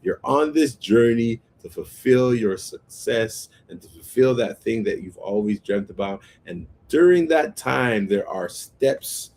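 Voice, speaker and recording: A male radio host giving an energetic motivational talk, often asking "right?" and having listeners repeat words after him. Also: medium pitch, measured pace, few pauses.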